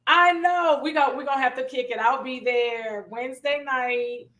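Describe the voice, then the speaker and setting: A woman's voice: high-pitched, moderate pace, pushed and bright. A middle-aged woman hosting a casual interview show, joking and teasing her guest with playful profanity. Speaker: podcast host. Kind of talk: casual chat.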